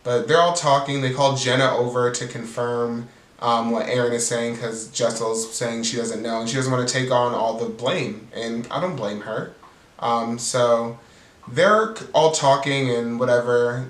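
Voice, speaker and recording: A man's voice: medium pitch, a little slow, a bit bright, reverberant, far from the mic, low-quality recording. A man giving a casual, snarky, profane recap of a reality TV episode as host. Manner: snarky, profane, bored-sounding commentary.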